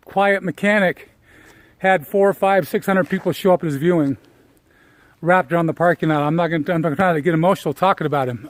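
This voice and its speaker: Middle-aged man, fairly high-voiced, dry close sound, reflective storyteller who halts and restarts while walking outdoors. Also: dry recording. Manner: emotional, reflective, halting with fillers. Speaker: personal development speaker. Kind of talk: personal storytelling.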